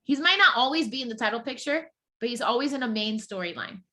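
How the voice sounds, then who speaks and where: A woman co-hosting a podcast in casual chat, animated and swearing often, restarting her sentences as she goes. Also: on the high side, quick pace. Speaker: podcast co-host.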